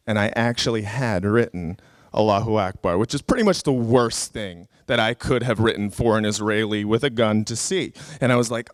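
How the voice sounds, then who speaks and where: A man's voice: mid-range voice, moderate pace, dry recording, studio quality. A comedian telling a story live, chatty and self-mocking, with frequent fillers and laughs at his own jokes.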